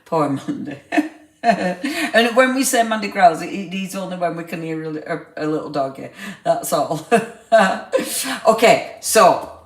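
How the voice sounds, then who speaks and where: A woman chats to viewers on a crafting livestream, her voice sitting on the low side. She laughs often and teases them in a loose, friendly way. The room gives her voice a noticeable echo. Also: lively intonation, slow. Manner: chatty, laughs often, teasing. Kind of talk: casual live chat with viewers.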